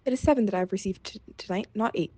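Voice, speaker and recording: A woman's voice: medium pitch, rapid-fire, dark tone, breathy edge, no echo, close to an everyday voice. A woman reading as a stubborn grumbling peasant man. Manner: blustering, exasperated.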